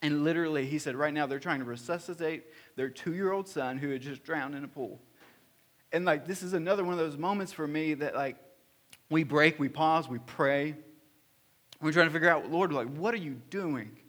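A man's voice: fairly high pitch, moderate pace, fairly bright tone. A man in his thirties, a pastor, preaching in an earnest, personal storytelling way with frequent restarts and fillers. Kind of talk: sermon storytelling. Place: church hall.

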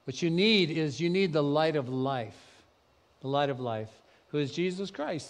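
A man preaching a sermon, talking conversationally and then rising to loud, emphatic peaks. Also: a little high, animated, a little slow, in a large hall. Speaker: pastor. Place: church sanctuary.

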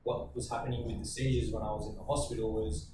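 Young Australian man, earnest halting storytelling, far from the mic, very roomy with ambient noise. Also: medium pitch, little pitch movement. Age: 20s. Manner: earnest, reflective, speaks in halting bursts. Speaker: podcast guest. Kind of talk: personal storytelling in conversation. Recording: very echoey room, distant mic, ambient noise.

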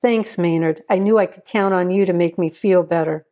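A woman voicing a young male deputy who is hurt and apologetic, speaking in a halting, shaky voice as she reads the story aloud. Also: lowish voice, warm tone, close to an everyday voice. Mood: wry. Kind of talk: audiobook reading.

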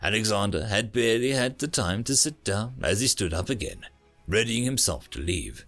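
A man's voice: moderate pace, soft background music. A man narrating a science fiction short story as an audiobook reader, reading expressively. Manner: expressive reading with lively pitch.

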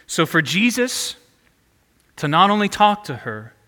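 A man's voice: high-pitched, sing-song, a little slow, pushed and bright, in a large hall. A man preaching a sermon as pastor, prompting the congregation to repeat phrases back to him.

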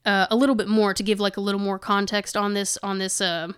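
A woman's voice: mid-range voice, level tone, quick pace, a bit bright, clean tone. A woman co-hosting a casual podcast, reading news excerpts aloud and adding indignant, sarcastic comments. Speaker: podcast co-host.

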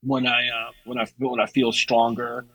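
A man's voice: normal speed, low-quality recording. A middle-aged man, a martial arts teacher and podcast guest, chatting casually and animatedly, often restarting his sentences. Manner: animated storyteller, restarts often, rises in pitch for emphasis. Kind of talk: casual conversation.

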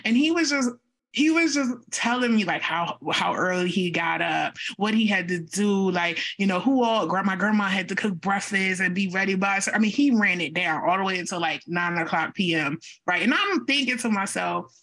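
A woman co-hosting a podcast, telling a playful story in a lively, casual way and talking straight to the listeners. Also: medium pitch, normal speed. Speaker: podcast co-host. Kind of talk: casual chat, animated storytelling.

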